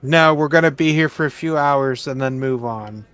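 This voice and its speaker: A man playing in a tabletop game, talking in a calm, even way. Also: mid-range voice, moderate pace, clean tone. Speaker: player. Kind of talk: casual tabletop role-play.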